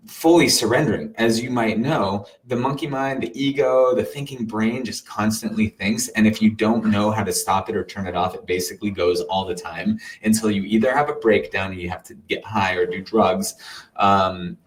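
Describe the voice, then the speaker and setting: A man telling an earnest personal story in a casual way, animated and full of sound-effect words, sometimes dropping to a soft near-whisper. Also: on the low side, low-quality recording. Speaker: meditation teacher.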